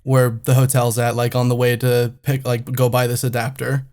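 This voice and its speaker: A man's voice: mid-range voice, completely flat delivery, moderate pace, a little mellow. A man co-hosting a comedy podcast, telling a travel story in a rambling, profane, exasperated way. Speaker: podcast co-host.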